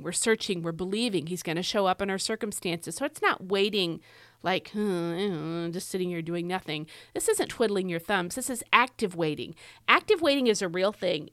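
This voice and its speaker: A middle-aged woman giving casual devotional teaching, earnest and encouraging, pushing her voice up for emphasis and slowing down to read scripture. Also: mid-range voice, animated, fairly bright tone, no echo. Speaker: devotional podcast host.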